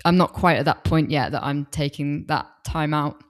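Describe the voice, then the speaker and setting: A female guest on a podcast with a fairly low voice, speaking into a desk microphone. She talks openly and with enthusiasm, often breaking off and restarting her thoughts in casual conversation. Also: moderate pace.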